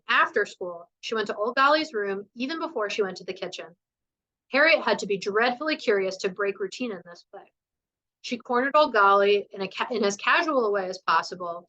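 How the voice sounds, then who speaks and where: A woman's voice: medium pitch, pushed and bright, rough recording. A woman teacher reading a children's novel aloud to students, then chatting about it. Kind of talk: storybook read-aloud to students.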